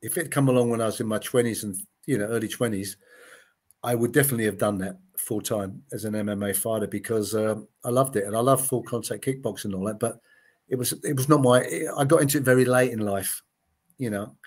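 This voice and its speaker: A man's voice: on the low side, fast talker, darkish tone. Chatty man in his sixties telling stories. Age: 60s. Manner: chatty anecdotes, acts out quoted voices, frequent "you know". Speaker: interviewee, former TV gladiator. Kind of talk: casual interview storytelling.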